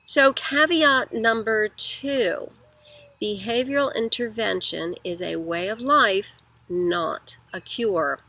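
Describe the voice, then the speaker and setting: A middle-aged woman explains parenting techniques in a relaxed teaching talk. She walks through her points one at a time in a conversational way. Her voice is bright and sits at a middle pitch. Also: takes it slowly, low-quality recording. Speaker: educational psychologist giving parenting advice.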